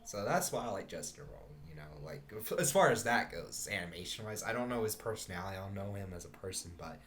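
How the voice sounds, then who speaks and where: A man's voice: fairly low pitch, expressive, fast talker, fairly bright tone, a little hiss or hum. A man hosting a podcast in casual, rambling chat, laughing often and swearing casually. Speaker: podcast host.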